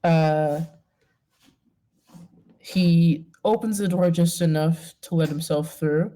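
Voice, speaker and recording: A woman narrating a tabletop game as game master, hesitant, with many pauses and fillers. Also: deep voice, dark tone.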